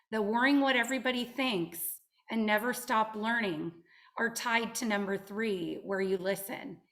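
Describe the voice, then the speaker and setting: A woman guest speaker giving a motivational talk on a video call, telling stories in an animated, emphatic way. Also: on the high side. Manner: animated storytelling, direct and emphatic.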